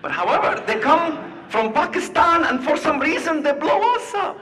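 A man giving a talk, telling a story and acting out both sides of a conversation with animated delivery. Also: very high-pitched, normal speed. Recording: distant mic in a reverberant hall.

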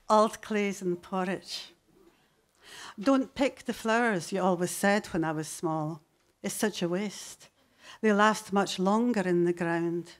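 Woman poet reading aloud. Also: mid-range voice. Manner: slow, deliberate recitation with sudden intense bursts. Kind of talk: poetry reading on stage. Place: live venue before an audience.

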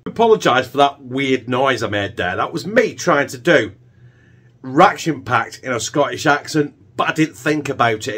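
A man's voice: mid-range voice, lively intonation, moderate pace, a bit bright, breathy edge. Man, cooking video host, rambling casual chat, self-deprecating.

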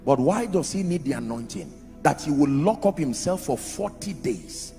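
A man's voice: on the high side, animated, moderate pace, mellow. A man preaching a sermon in an emphatic style, asking the crowd rhetorical questions. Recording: echoey hall with music under.

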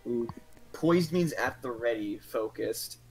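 Very low creaky woman, brash and laughing. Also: lively intonation, takes it slowly, a little mellow, rough recording. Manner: laughs a lot, brash and crude. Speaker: stream community member. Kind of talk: casual online voice chat.

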